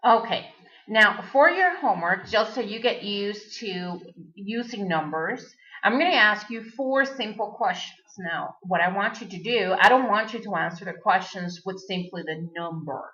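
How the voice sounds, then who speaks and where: A woman's voice: medium pitch, expressive, moderate pace, fairly bright tone. A native Spanish-speaking woman giving a recorded language lesson, patiently repeating words for the learner. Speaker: Spanish teacher. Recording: dull lo-fi recording.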